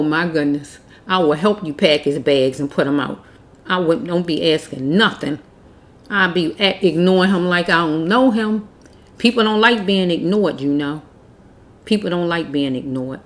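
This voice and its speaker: Blunt low-voiced woman reading tarot. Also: moderate pace. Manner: blunt, preachy, repeats herself, scolding. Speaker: tarot reader. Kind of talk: casual spoken tarot reading.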